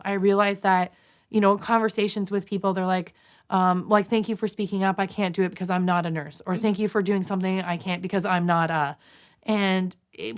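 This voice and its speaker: A woman from Canada, in her thirties, telling a long personal story in a casual interview, full of fillers, restarts and quoted asides. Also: medium pitch. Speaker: guest, nurse.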